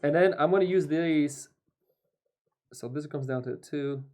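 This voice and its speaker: A man's voice: fairly high pitch, a little slow, a little mellow. A man playing a tabletop board game, counting dice aloud and coaching his partner through the rules in casual chat.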